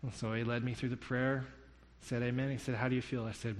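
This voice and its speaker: A man's voice: medium pitch, level tone, a little fast. A man preaching a sermon, telling a story and acting out the dialogue in it. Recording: long hall reverb.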